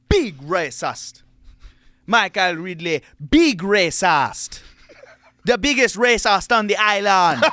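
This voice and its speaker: Man playing a rowdy island guy, loud, clipped, mocking, bright voice. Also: sits high, no echo, studio quality, pitched above the performer's own voice, heavily acted. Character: boisterous male island listener craving crude jokes.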